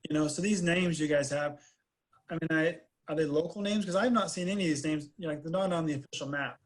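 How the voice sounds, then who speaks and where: A man's voice: fairly high pitch, quick pace. Rambling man asking questions. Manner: rambling, circles back while asking. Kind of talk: casual interview questions.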